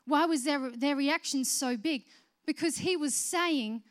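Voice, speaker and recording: A woman preaching a sermon, swinging from soft, conversational explanation to loud, emphatic proclamation. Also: high voice, a little slow. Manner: conversational, with restarts and filler words.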